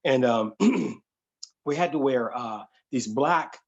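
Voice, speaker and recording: A man telling a funny true story to an audience, animated and conversational, slipping into voices. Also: medium pitch, slow pace, vocal fry, lo-fi sound. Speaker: solo performer and storyteller. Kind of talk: comedic live-streamed storytelling.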